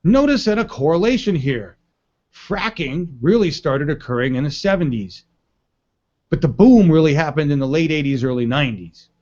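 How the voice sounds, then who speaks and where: An indignant man hosting a live news stream, ranting with rising outrage and the odd curse word. His voice sits a little high for a man. The audio comes through dull and muffled. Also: lively intonation, normal speed, a little mellow. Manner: angry, indignant and profane, addressing viewers as folks. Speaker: livestream news show host.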